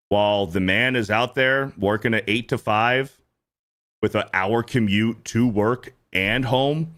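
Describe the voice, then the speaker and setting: Streamer host, man in his thirties, animated and profane, voice swinging up and down a lot, repeats his points. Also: mid-range voice. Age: 30s. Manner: animated, repetitive, profane ranting. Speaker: streamer host reacting to clips. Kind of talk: casual reaction commentary.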